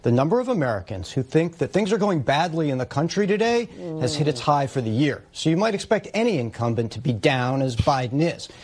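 A man giving broadcast news analysis of poll numbers in a measured, explanatory way. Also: fairly high pitch, very animated, a little mellow.

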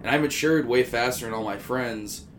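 A man's voice: mid-range voice, moderate pace, a little hiss or hum. A young man co-hosting a podcast, telling stories from his teens in a rambling, profane, self-mocking way. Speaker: podcast co-host. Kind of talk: casual chat.

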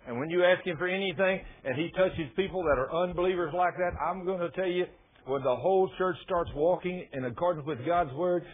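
A middle-aged man with a high-pitched, brisk voice preaches a sermon full of stories, acting out the dialogue in a folksy manner. It's heard as a tinny, phone-like radio broadcast.

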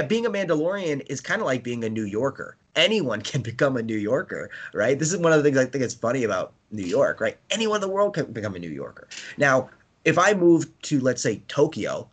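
A man's voice: medium pitch, slightly rough. A man in casual chat, rambling with many fillers and restarts and laughing often as he talks. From United States. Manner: laughs often while talking.

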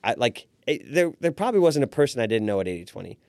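Speaking fast at a medium pitch, this restaurant owner in his forties recounts his story as a podcast guest in a casual interview. He's a lively storyteller who performs the voices of the people he quotes, and there's no room sound.

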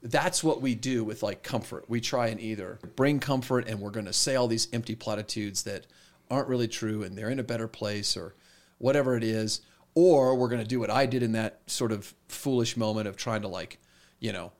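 A man who is a pastor, telling a story in a casual podcast chat and acting out quoted lines with lively energy. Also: on the low side, a little fast.

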